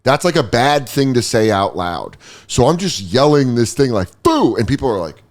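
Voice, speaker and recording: Animated man telling a wild story. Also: moderate pace. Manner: animated, acts out quotes in high silly voices, swears freely. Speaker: podcast host. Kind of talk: casual storytelling chat.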